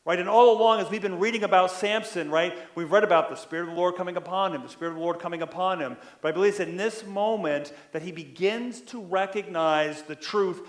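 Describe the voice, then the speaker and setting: A man preaching a sermon in a conversational way, often checking in with the listeners, and growing louder when he stresses a point. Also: high-pitched, quick pace, few pauses, reverberant. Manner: conversational, keeps asking "right?"; animated, builds in loudness when stressing a point. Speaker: pastor.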